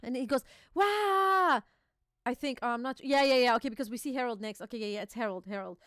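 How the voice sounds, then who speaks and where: A woman's voice: fairly high pitch, very fast, clear, resonant tone, no room sound, studio quality. A woman chatting casually as she reacts to a manga chapter, full of filler words and casual swearing, reading lines aloud and then explaining them. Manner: reads panel dialogue aloud, then explains it. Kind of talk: casual live reaction commentary.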